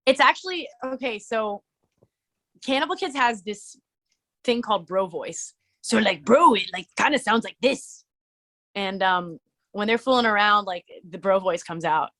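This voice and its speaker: A woman's voice: medium pitch, expressive, unhurried, fairly bright tone. A young woman, a musician and podcast guest, telling a story in a rambling, casual way full of "like.". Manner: rambling, lots of "like" fillers, laughing. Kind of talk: casual interview chat.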